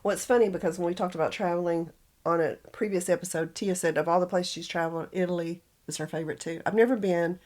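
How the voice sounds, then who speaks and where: A woman's voice: lowish voice, fairly even intonation, fast talker, darkish tone. A woman with a Southern US accent, co-hosting a podcast in casual chat and telling stories with frequent laughs. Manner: chatty storyteller, laughs often. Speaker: podcast co-host.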